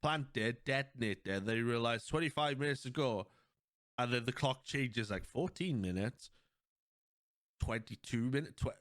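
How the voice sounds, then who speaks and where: A man's voice: mid-range voice, moderate pace, a bit bright, no echo, studio quality. A man hosting a podcast in casual chat, animatedly retelling scenes, laughing often and acting out quoted lines. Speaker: podcast host. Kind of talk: casual chat recapping episodes.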